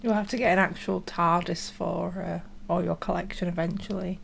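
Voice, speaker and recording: Gravelly co-host with quick quips. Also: medium pitch, level tone, a bit bright, slight background noise. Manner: short, teasing interjections. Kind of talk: casual chat.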